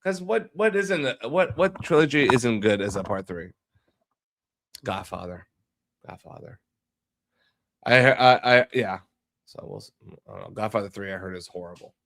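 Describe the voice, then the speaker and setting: Man, live-stream chat, mutters to himself, swears casually, slightly stuffy, medium pitch. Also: expressive, moderate pace, a bit bright. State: sounds a bit sick from pollen. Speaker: livestreaming video editor.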